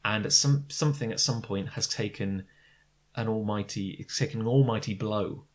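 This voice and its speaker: A man with a fairly low voice runs a tabletop role-playing game. He describes each scene in a loose, rambling way, stopping often on fillers and restarting his sentences as he narrates for the players. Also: moderate pace. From Britain. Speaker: game master.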